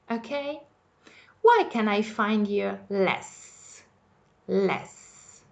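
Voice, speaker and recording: Patient bilingual teacher with an Italian accent. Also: female voice, fairly high pitch, sing-song, slow pace, gravelly. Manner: patient, repeats each point in two languages. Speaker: English teacher. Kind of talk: bilingual grammar lesson.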